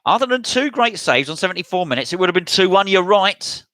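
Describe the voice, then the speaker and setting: A man's voice: sits high, big pitch swings, quick pace, pushed and bright, no echo. A man hosting a casual live stream, chatting and reading out viewer comments as he replies. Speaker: host reading live chat.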